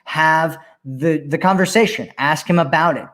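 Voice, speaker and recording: A man's voice: on the high side, moderate pace, fairly bright tone. A man hosting a live question-and-answer stream as a dating coach, reading viewer comments aloud and answering them emphatically, repeating his key points.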